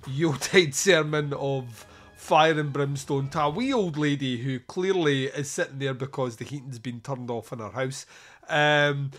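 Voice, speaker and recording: A man's voice: a little high, sharp tone. A man hosting a podcast, chatting casually and animatedly about a film, swearing and laughing often. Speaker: podcast host. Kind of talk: casual film review chat.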